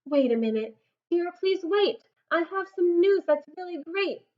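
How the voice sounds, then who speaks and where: A woman's voice: very high voice, animated, unhurried, muffled recording, pitched above the performer's own voice. A woman voicing a fussy father bear who hiccups through his rhyming lines, for a storybook read-aloud. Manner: hiccups in sing-song rhyme.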